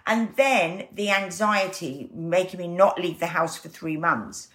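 A woman in her fifties talks candidly as a guest. Her voice sits low, and she slips into little acted-out quotes as she tells her story. The delivery is lively and conversational. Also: takes it slowly, hardly any pauses. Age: 50s. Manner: animated, acts out quoted voices.

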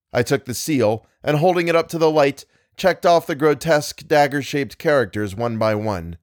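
Expressive male storyteller, lively pitch, dry close sound, measured reading. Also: no room sound. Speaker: audiobook reader. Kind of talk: scripted literary narration.

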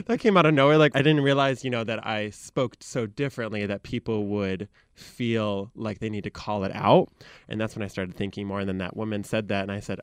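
A man's voice: on the low side, fast, smooth, no echo. Upbeat Michigan guy, dry studio sound. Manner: lively and laughing, animated storyteller. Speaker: guest content creator. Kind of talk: casual interview chat. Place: radio studio.

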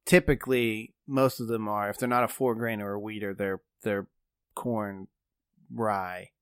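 Man co-host, low voice, dry sound, relaxed explainer. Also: unhurried, clean tone, no echo. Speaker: whiskey expert co-host. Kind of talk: casual explaining chat.

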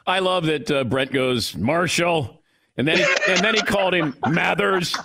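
A man hosting a talk show, asking slow, playful questions and laughing easily with his guest. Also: a little high, creaky, bright, forceful tone. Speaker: radio show host. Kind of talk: casual talk show interview.

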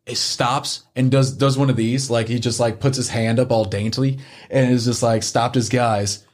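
Young male podcast host, mid-pitch, rambling profane storyteller, casual and loose. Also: fairly even intonation, normal speed, a little mellow. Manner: rambling, profane, lots of filler likes.

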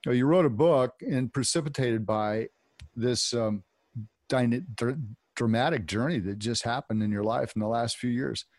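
A man's voice: mid-range voice, a little mellow, no room sound. Enthusiastic male interviewer, dry sound. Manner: enthusiastic, halting questions. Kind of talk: casual interview.

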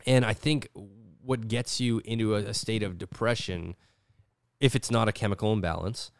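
Man, podcast host, slightly low voice, rambling casual talk, dry close sound. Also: steady tone, moderate pace, clear, resonant tone, dry recording. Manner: rambling, filler-heavy with frequent "like"; acts out quoted voices. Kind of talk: casual chat. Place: his studio.

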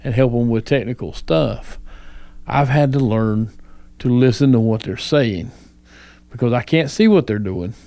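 A man's voice: medium pitch, measured pace, warm tone, no echo. A man who does phone technical support, talking casually in a group discussion with a wry, anecdotal manner.

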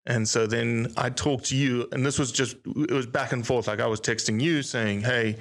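A man's voice: medium pitch, steady tone, normal speed. A man chatting on a podcast, rambling through a story and retelling conversations with quoted dialogue. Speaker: podcast co-guest. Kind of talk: casual interview chat.

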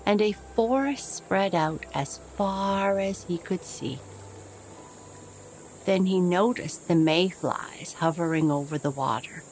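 Brief: female sleep-story narrator, soft and gentle, slow, lively pitch movement. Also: creaky.

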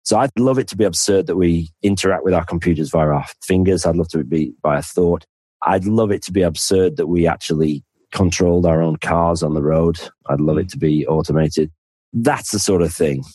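He has a low, mellow voice with a breathy edge and speaks fairly quickly, with no room sound on the recording. A Northern English financial planner appearing as a podcast guest, he keeps things chatty and casual, laughing easily at himself.

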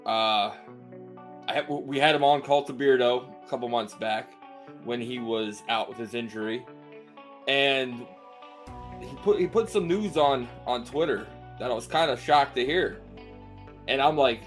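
A man co-hosting a show, chatting in a laid-back, halting way and often repeating himself. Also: mid-range voice, soft background music. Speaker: co-host. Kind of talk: casual chat on a stream.

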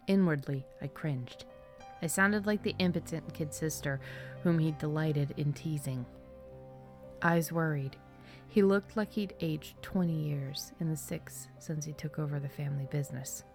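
A woman narrating a short spooky story in a measured, expressive way. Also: sits low, faint music behind. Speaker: story reader. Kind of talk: scripted narration.

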